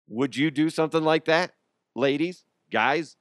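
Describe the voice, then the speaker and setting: A man's voice: fairly high pitch, takes it slowly, pauses often, fairly bright tone, no echo, clean studio sound. A young adult man hosting a podcast, riffing and joking in a casual comedic monologue, often laughing and putting on voices. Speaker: podcast host.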